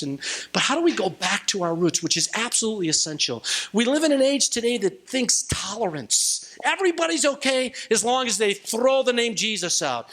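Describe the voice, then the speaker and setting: A man's voice: high-pitched, a bit bright. A middle-aged man, a retreat speaker, giving a playful, jokey youth sermon and leading the crowd in call-and-response.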